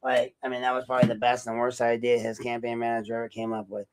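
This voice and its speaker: A man's voice: mid-range voice, completely flat delivery, fast talker, clean tone, rough recording. A man hosting a solo podcast monologue, rambling and sarcastic, with profanity and frequent self-corrections. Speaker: podcast host, investigative journalist.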